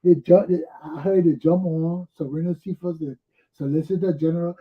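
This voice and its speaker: A man hosting a talk show, giving animated political commentary full of rhetorical questions and mimicked voices. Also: on the high side, moderate pace, narrow, tinny audio. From Liberia.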